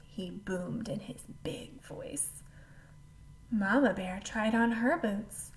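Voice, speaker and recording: A woman reading a picture book aloud to a child, with animated delivery and asides to the listener. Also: fairly high pitch, slow pace. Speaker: storyteller.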